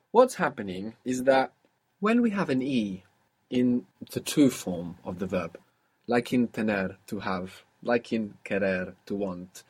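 A husky-voiced man leads a guided language lesson. He explains things patiently and step by step, and keeps quizzing his student as he goes. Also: mid-range voice. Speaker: language teacher.

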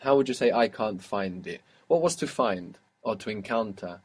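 A man's voice: on the low side, animated, moderate pace, a little mellow, slightly rough. Patient male language teacher. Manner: patient, prompting questions and praising answers. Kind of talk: guided audio language lesson.

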